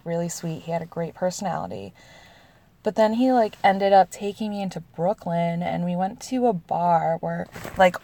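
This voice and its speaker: On the low side, creaky and dark with no echo, this American woman in her thirties shares personal stories in response to questions. Her confessional storytelling is casual and chatty, marked by frequent laughter and heavy use of "like."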